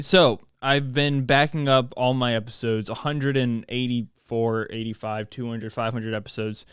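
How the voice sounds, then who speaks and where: A man's voice: medium pitch, clean tone, dry recording, studio quality. Rambling, joking young man ranting. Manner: joking, self-mocking, rambling with restarts. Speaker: podcast host. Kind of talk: solo rambling rant.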